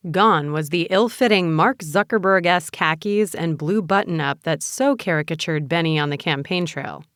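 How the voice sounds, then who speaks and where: Low-voiced woman narrating a story. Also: moderate pace, no room sound, studio quality. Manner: wry, expressive first-person storytelling. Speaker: audiobook narrator. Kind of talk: scripted first-person story narration.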